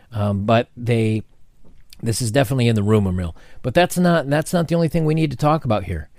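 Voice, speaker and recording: A man's voice: medium pitch, no room sound. Sarcastic man ranting to camera, dry sound. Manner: animated, sarcastic asides, frequent restarts. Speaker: commentary channel host. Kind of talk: casual opinion commentary to camera. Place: home setting with changing sunlight.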